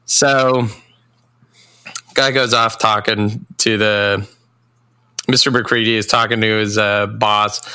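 A man's voice: lowish voice, level tone, takes it slowly, long pauses, sharp tone, clear, resonant tone, no room sound. A man in casual chat, recapping a movie plot in a rambling way, laughing and acting out lines in voices. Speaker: podcast co-host.

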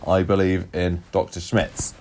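Guy recapping a soap, lowish voice, trips over his words a lot. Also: completely flat delivery, unhurried, darkish tone. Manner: chatty, recaps scenes with quoted lines and frequent restarts. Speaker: podcast co-host recapping a soap. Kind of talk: casual chat.

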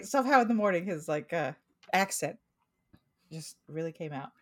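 A woman in her thirties with a Portland accent, co-hosting a casual podcast chat, animated and quick to laugh. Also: lowish voice. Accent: Portland, Oregon. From Pacific Northwest US. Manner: chatty, laughs often, animated storytelling. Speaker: podcast co-host.

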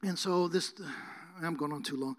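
A man preaching a sermon, telling healing stories in a rambling, casual way with many fillers and restarts, sometimes rising to near shouting. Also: a little high, normal speed. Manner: emphatic, rises to near shouting at times. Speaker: guest preacher.

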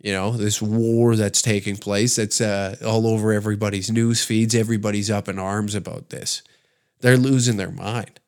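A man's voice: fairly low pitch, level tone, moderate pace. A man from Canada hosting a comedy podcast, ranting in a rambling, sarcastic, profane way with many restarts. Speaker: podcast host.

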